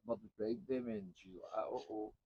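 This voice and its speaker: A man's voice: mid-range voice, fast, a little mellow, highs cut off. A Scottish man in his twenties, a podcast guest talking candidly and plainly about his life in casual, sweary chat outdoors by a river. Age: 20s. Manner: plain-spoken, sweary, tells personal stories. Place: outdoors by a river while fishing.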